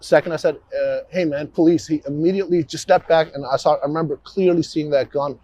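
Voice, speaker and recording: A man, a police officer, outdoors recounting events to investigators in a hurried, halting way with many restarts. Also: a little high, fairly even intonation, a little mellow. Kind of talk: recounting events under questioning. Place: outdoors at a roadside scene.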